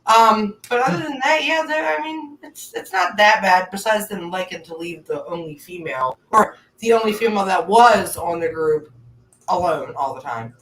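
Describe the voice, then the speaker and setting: A woman's voice: medium pitch, animated, moderate pace, fairly bright tone, slight background noise. Chatty woman heard from a distance. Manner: chatty, lots of "like" fillers. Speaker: podcast guest. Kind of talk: casual chat. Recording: echoey, distant from the mic, faint ambience.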